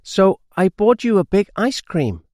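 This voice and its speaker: A friendly, caring male dog from a children's storybook, voiced by a man. His voice is raised and gentle with lively lilts. Dry close sound. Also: sits high, measured pace, dry recording, voice pushed up.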